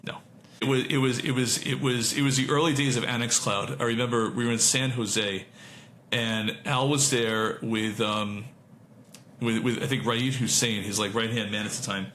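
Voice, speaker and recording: A man chatting casually as a podcast co-host, his bright voice ringing in an echoey room with a faint hiss. He tells stories in a rambling way and keeps correcting himself and starting sentences over. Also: medium pitch, fairly even intonation, normal speed. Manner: rambling storyteller, many self-corrections and restarts. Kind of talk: casual chat.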